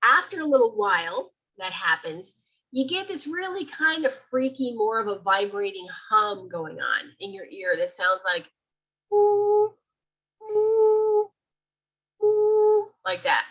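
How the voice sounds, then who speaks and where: A woman's voice: mid-range voice, normal speed, breathy edge, muffled recording. A woman who works as a medium, giving an informal, chatty talk at a library and acting out the sounds she describes. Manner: chatty, animated, acts out sounds.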